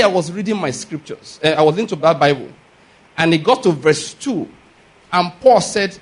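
A man's voice: on the high side, lively intonation, a little fast, breathy edge. A man preaching a sermon, emphatic and addressing the congregation directly with questions. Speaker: pastor.

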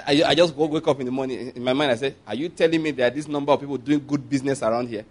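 A man's voice: mid-range voice, steady tone, rapid-fire, a little mellow. A man, preaching a sermon in a conversational way, with asides and call-and-response. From Nigeria.

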